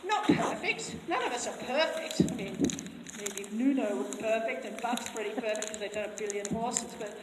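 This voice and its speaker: A woman's voice: a little high, expressive, normal speed. A woman horse trainer giving a live, chatty demonstration, talking to onlookers and to the horse in turn. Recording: echoey arena with long reverb, faint noise.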